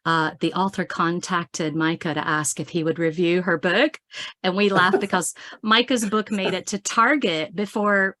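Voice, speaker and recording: A woman's voice: on the low side, steady tone, no echo, clean studio sound. A woman poet in her forties, chatting with easy laughter during an online interview and reading her poems aloud. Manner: chatty, laughs often, reads slowly and softly. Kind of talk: casual interview and poetry reading.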